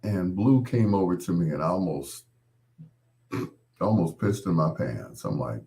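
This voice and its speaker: Slow, deep-voiced man, laid-back radio DJ. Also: expressive, vocal fry, warm tone. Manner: laid-back storytelling with slang. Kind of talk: late-night radio DJ chat.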